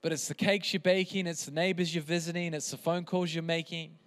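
A man's voice: a little high, level tone, a little fast, hardly any pauses, fairly bright tone. A man preaching an impassioned sermon as pastor, with emphatic repeated phrases. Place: church hall. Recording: reverberant hall.

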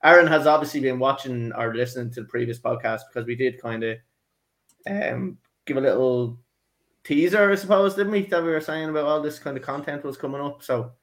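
A man's voice: medium pitch, brisk, fairly bright tone. A man hosting a casual football podcast, jokey and laddish, calling his co-hosts lads. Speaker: podcast host.

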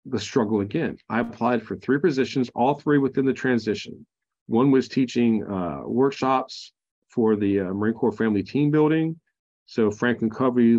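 A man's voice: mid-range voice, a little mellow, lo-fi sound. A man, a Marine veteran guest on a podcast, telling his own story frankly, with many fillers and restarts. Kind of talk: candid personal storytelling.

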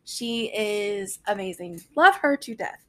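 A woman's voice: medium pitch, expressive, slow. A young woman telling a personal faith story in a casual, rambling way, often laughing at her own anecdotes.

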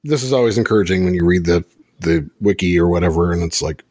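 A man hosting a podcast in casual chat, laughing often and swinging his pitch up when excited. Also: fast, dry recording, clean studio sound. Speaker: podcast host.

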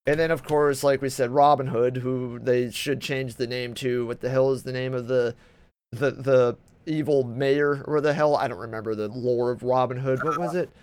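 A man in casual, profane podcast chat, animated and quick to act out voices. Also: medium pitch, smooth. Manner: animated, swears a lot, acts out voices in quotes.

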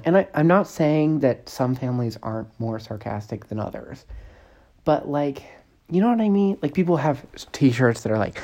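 A man's voice: medium pitch, lively intonation, normal speed, darkish tone. A man reading his own novel aloud, casual and joking, with chatty asides full of fillers. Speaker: author reading his book.

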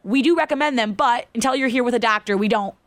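Animated woman telling a story. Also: fairly high pitch, quick pace, no echo. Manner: animated, acts out quoted voices. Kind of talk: casual storytelling chat.

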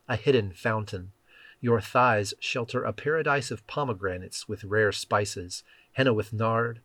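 A man reading scripture aloud and leading a prayer in a measured, solemn way, letting phrases fall softly at their ends. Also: medium pitch, no room sound. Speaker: scripture reader. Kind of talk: devotional Bible reading and prayer.

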